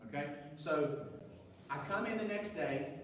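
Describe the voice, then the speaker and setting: A male pastor with a drawl tells a story from the pulpit, cracking jokes and slipping into other people's voices as he goes. His voice sits a little high, and it rings through a large hall with long reverb. He is picked up from some distance away from the microphone. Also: measured pace, a little hiss or hum. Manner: animated, joking, acts out quoted voices. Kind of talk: sermon storytelling. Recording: echoey church hall, far from mic.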